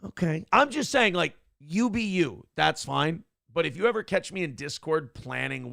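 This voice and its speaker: A man hosting a live stream in a blunt, combative way, swearing freely as he reads donations aloud. His voice sits a little high for a man, with a gravelly fry. The sound is close and dry. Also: animated, moderate pace, hardly any pauses, a bit bright, no echo. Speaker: host of a live-streamed morning show. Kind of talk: casual live-stream talk reading donations.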